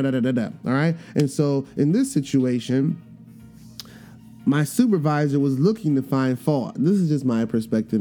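A man's voice: mid-range voice, warm tone. A man hosting a podcast, telling a personal story in a casual monologue and acting out the voices of the people in it. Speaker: podcast host.

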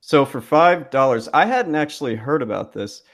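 A man with a mid-pitched voice co-hosts a podcast and reads listener donation messages aloud. His delivery is dry and matter-of-fact, in casual chat. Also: expressive, normal speed, a bit bright.

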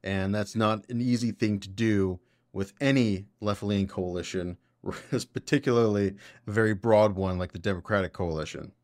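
A man's voice: lowish voice, steady tone, moderate pace, a little mellow, no room sound, clean studio sound. A man hosting a podcast, giving casual, blunt and opinionated political commentary. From Canada. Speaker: podcast host.

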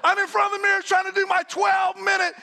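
Bright-voiced high-pitched preacher man in his fifties. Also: fast talker, vocal fry, a faint crowd. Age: 50s. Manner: animated storytelling, often shouting with laughter. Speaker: pastor. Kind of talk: energetic sermon.

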